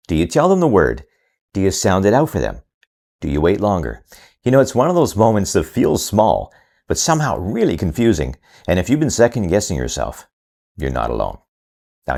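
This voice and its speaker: A man explaining to parents how to help a child who gets stuck while reading, calmly sounding out words slowly as he demonstrates. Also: sits low. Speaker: reading instructor. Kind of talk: instructional talk to parents.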